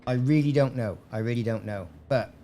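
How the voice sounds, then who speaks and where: A man's voice: medium pitch, brisk, mellow, a little hiss or hum. A man casually chatting on a game live stream, rambling and answering viewers by name. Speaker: gaming streamer.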